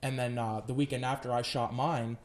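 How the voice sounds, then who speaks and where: A man's voice: medium pitch, a little fast. A young man, a film student guest on a podcast, telling stories in casual chat with plenty of fillers and swearing. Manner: animated storytelling with lots of filler and swearing.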